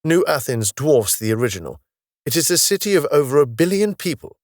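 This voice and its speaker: A man's voice: on the high side, sing-song, a little fast, dry recording, studio quality, pitched above the performer's own voice. A man voicing a patient, explanatory space officer. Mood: explaining. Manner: patient, explanatory, lightly wry. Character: calm knowledgeable male future space officer.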